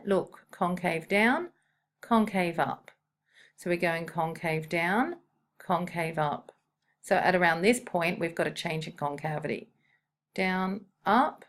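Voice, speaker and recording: A woman teaching a recorded maths lesson, thinking aloud as she works and correcting herself now and then. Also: fairly low pitch.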